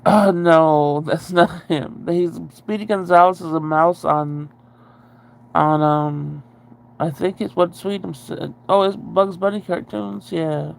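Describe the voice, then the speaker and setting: A woman's voice: lowish voice, fairly even intonation, slow, creaky, a little mellow. Rambling, chatty woman on a livestream. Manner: rambling and chatty, reads and answers viewer comments, swears casually. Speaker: livestream host. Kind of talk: casual livestream chat.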